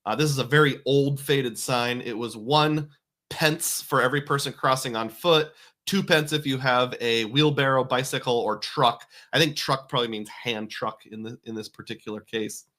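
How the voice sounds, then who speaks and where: Bright-voiced chatty dad. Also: male voice, medium pitch, steady tone, moderate pace. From United States. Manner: chatty, folksy, self-correcting asides. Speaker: family travel vlogger. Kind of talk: casual voice-over narration of travel photos.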